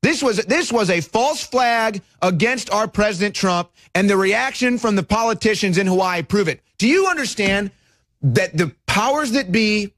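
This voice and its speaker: A man hosting a talk radio show, delivering a fired-up political monologue that rises to shouts. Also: high voice, dry recording.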